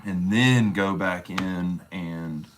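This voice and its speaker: Low-voiced folksy man. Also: very slow, slight background noise. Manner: rambling, folksy, greets viewers as brother. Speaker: leatherworking livestream host. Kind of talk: casual livestream chat while crafting.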